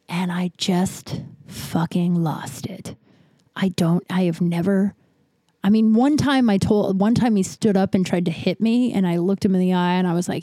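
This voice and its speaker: Woman host, warm dark tone, dry close sound, candid swearing monologue with halting restarts. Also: fairly low pitch, dry recording. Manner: frank and profane, halting with restarts. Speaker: podcast host.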